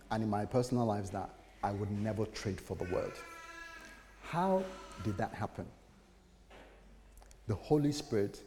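Pastor preaching in a reverberant church. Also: male voice, fairly low pitch, a little hiss or hum. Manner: storytelling, animated with acted quotes. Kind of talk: sermon. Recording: church hall reverb, faint ambience.

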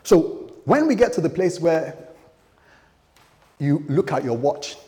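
A man's voice: fairly high pitch, very animated, takes it slowly, dark tone, long reverb tail. A man preaching a sermon as pastor, in a loose conversational way, acting out quoted dialogue.

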